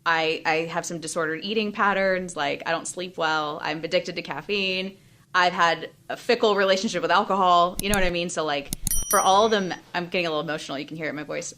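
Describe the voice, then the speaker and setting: Candid woman coach, lowish voice. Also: sharp tone, slight background noise. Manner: open, emotional, speaks in quick bursts with fillers. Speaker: life and business coach, guest. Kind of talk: candid interview conversation.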